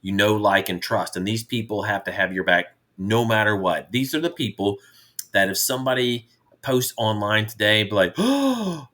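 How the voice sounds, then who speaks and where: A man's voice: fairly low pitch, fairly even intonation, normal speed, pushed and bright. A middle-aged man co-hosting a casual chat with his daughter, telling rambling, jovial stories. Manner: jovial storyteller, rambling with restarts. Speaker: podcast co-host, father.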